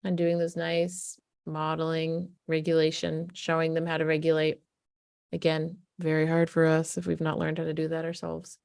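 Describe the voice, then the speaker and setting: Gravelly low-voiced woman parenting coach. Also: completely flat delivery, moderate pace, darkish tone, no echo, clean studio sound. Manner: conversational and emphatic, acts out what a parent would say. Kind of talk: casual advice talk to camera.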